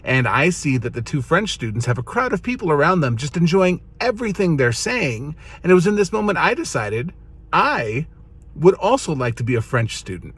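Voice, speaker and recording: A man in his thirties telling a funny personal story, animated and building up to excited punchlines. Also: a little high, moderate pace, husky. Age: 30s.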